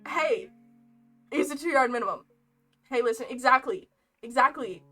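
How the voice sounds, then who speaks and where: A young woman telling a casual story while streaming, animated and rambling, laughing often. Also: high-pitched, normal speed. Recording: lo-fi game music behind.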